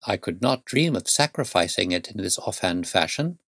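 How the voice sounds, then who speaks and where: A man reading the part of a firm, proud young woman governess in a measured, formal storytelling manner. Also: deep voice, lively intonation, fairly bright tone, husky, no echo, clean studio sound, voice pushed down, heavily acted. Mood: earnest. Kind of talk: audiobook reading.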